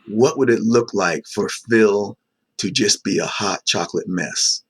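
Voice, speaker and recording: A man's voice: lowish voice, a little slow, slightly rough. A man in his fifties, a podcast guest, talking emphatically with repeated restarts. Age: 50s. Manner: emphatic, stammers into restarts, vivid sound words. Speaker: guest, community advocate. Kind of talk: conversational interview.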